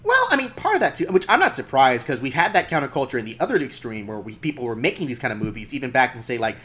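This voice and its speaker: A man's voice: medium pitch, big pitch swings, fast, pushed and bright. A man co-hosting a casual podcast chat about movies, thinking aloud with lots of fillers. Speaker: podcast co-host.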